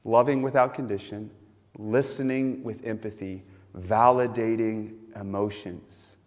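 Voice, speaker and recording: A man's voice: lowish voice, steady tone, a little slow. A pastor preaching a sermon in an earnest, emphatic way, repeating phrases to build his point. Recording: long hall reverb.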